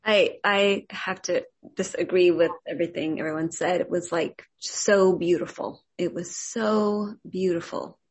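A woman giving heartfelt, halting feedback after a group meditation, repeating herself as she gushes. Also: on the low side, fairly even intonation, breathy edge.

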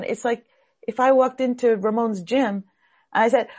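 A woman's voice: fairly high pitch, fairly even intonation, normal speed, darkish tone. A woman teaching a spiritual class, speaking earnestly and with feeling as she searches for her words.

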